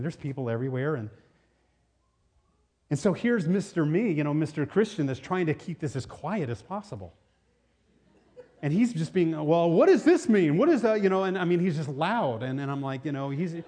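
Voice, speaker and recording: A man preaching a sermon with a fairly high voice. He tells a personal story in an animated way, often restarting his sentences as he goes. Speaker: pastor.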